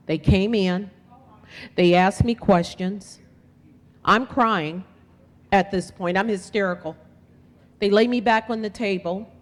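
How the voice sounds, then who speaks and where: Woman candidate, slow and emphatic, impassioned speech in a reverberant hall. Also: mid-range voice. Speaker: political candidate. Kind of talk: campaign speech. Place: event hall.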